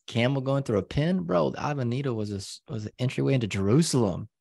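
A man's voice: mid-range voice, fast talker, vocal fry, darkish tone, dry recording. A man co-hosting a podcast, bantering in a slangy, joking, fired-up way. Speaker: podcast co-host.

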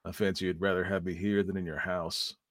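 A man voicing a strange wild teenage boy who speaks slowly and quietly, relishing his words with lazy menace. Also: low voice, little pitch movement, no room sound, studio quality.

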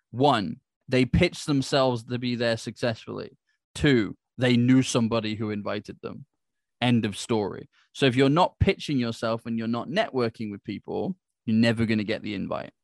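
A man telling a business story in a casual, animated way, acting out the dialogue. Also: medium pitch, gravelly, dry recording, clean studio sound. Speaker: business speaker. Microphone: handheld microphone.

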